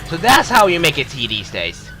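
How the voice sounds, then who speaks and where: A man giving casual, excitable gameplay commentary, laughing, humming and exclaiming. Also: fairly high pitch, normal speed, a little hiss or hum, rough recording. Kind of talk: casual let's-play commentary.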